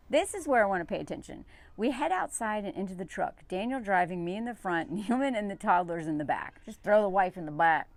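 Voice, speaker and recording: A woman's voice: mid-range voice, dry recording. A woman giving reaction commentary while reading an article aloud, with a sarcastic, exasperated, conversational manner.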